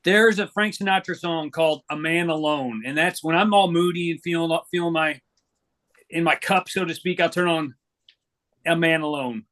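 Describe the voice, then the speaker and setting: A man's voice: fairly high pitch, moderate pace, a bit bright. A middle-aged man hosting a podcast, joking around playfully and asking loose, casual questions. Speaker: podcast host.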